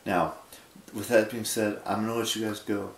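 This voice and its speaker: A man in his twenties talking casually in a late-night vlog, sleepy and rambling, with halting restarts. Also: fairly low pitch, level tone, roomy sound. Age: 20s. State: sleepy, yawning. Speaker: vlogger.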